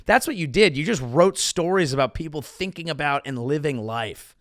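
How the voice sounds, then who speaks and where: A man's voice: fairly high pitch, lively intonation, moderate pace, dry recording, clean studio sound. A male comedian hosting his show, riffing in a rambling, crude, self-interrupting way. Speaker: comedian host. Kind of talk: comedic commentary.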